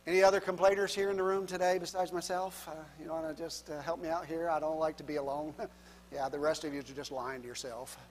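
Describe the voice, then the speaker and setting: High-voiced man preaching in a reverberant hall. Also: little pitch movement, fast, a little hiss or hum. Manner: folksy and self-deprecating, laughs often; swings from quiet asides to loud emphatic preaching. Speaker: pastor. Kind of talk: sermon.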